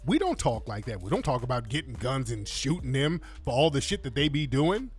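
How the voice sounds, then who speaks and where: A man's voice: mid-range voice, big pitch swings, a little fast, faint music behind. A man hosting a radio show, giving blunt, slangy commentary. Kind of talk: commentary over played clips.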